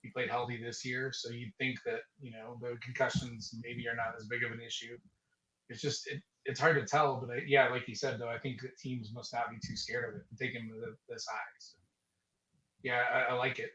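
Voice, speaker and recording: A man's voice: medium pitch, little pitch movement, fairly quick, sharp tone. A man on a casual podcast panel, rambling a little while he drinks a beer. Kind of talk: casual group chat. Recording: echoey room, distant mic.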